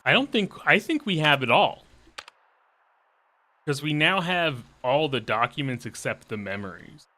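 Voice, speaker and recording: A man's voice: a little high, animated, unhurried, pushed and bright. A man chatting casually and swearing offhandedly while playing a co-op puzzle game. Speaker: co-op game player. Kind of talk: casual gaming chat.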